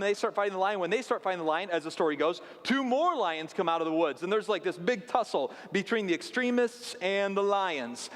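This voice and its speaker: A man's voice: high-pitched, a bit bright. A man in his late thirties from South Dakota, preaching a sermon in a conversational storytelling way with asides to the congregation. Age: late 30s. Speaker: pastor. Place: church sanctuary. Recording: long hall reverb.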